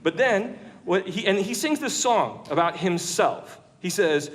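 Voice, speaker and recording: A male preacher tells the story to a full church room in a conversational, jokey sermon. His voice sits a little higher than most men's, and he keeps it animated and playful. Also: normal speed, hardly any pauses. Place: large church room with an audience.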